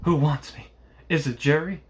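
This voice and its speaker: A man doing a quiet, quavering old gentleman. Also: medium pitch, lively intonation, a little fast. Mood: quiet business. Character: calm businesslike older gentleman passenger.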